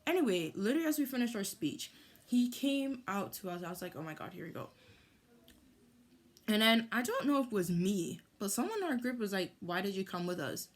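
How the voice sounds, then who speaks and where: Woman, storytime vlogger, animated, indignant retelling. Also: mid-range voice. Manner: animated, heated retelling with lots of "like". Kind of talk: storytime vlog.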